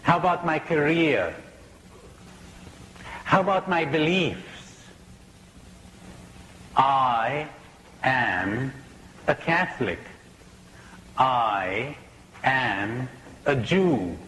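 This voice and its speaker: A man giving a spiritual talk, asking slow reflective questions and telling jokes. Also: mid-range voice, lively intonation, fairly bright tone, roomy sound, big-room sound, poor audio. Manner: storytelling with jokes, laughs at own punchlines. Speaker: spiritual teacher. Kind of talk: recorded public talk. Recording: faint hiss, 1980s talk recording.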